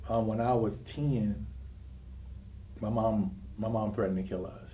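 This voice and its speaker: A man's voice: on the low side, fairly even intonation, a little slow, warm tone. Earnest man telling his story, distant mic. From Cleveland, Ohio. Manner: earnest, reflective, with hesitations. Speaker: co-host. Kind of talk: personal life story in conversation.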